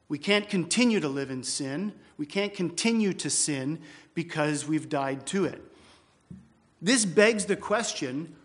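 Emphatic preacher, slightly high voice. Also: male voice, lively intonation. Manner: emphatic, slows down to repeat key phrases. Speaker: pastor. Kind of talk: expository sermon. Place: church.

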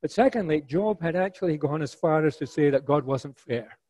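A man preaching an expository sermon, earnest and rhetorical, paraphrasing scripture in a lively voice. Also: fairly high pitch, normal speed, no room sound, low-quality recording.

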